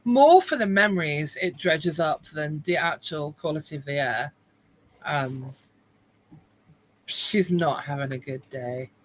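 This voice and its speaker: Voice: mid-range voice, expressive, unhurried, low-quality recording. A player in a tabletop game, narrating their character's actions in a dry, blunt way. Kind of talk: tabletop role-play chat.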